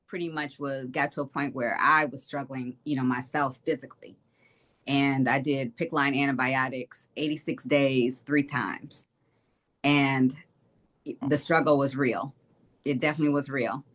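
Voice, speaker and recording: A woman's voice: rumbling low, fairly even intonation, unhurried, a bit bright. Woman from Detroit, interview guest recounting family loss, earnest and reflective. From Detroit, Michigan. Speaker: state representative, guest. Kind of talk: personal testimony in an interview.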